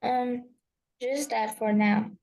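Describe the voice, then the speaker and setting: A woman studying English gives short, unsure answers to her teacher. She speaks slowly in a slightly high, gravelly voice. The sound is dry and close. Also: fairly even intonation, a little mellow, no room sound. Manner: hesitant, brief replies. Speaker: English student.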